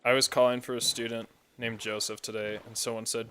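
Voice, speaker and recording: A man's voice: fairly low pitch, flat delivery, fast talker, hardly any pauses, fairly bright tone, clean tone. A man chatting casually while playing a building game, rambling through side stories with plenty of fillers. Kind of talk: casual gameplay chat.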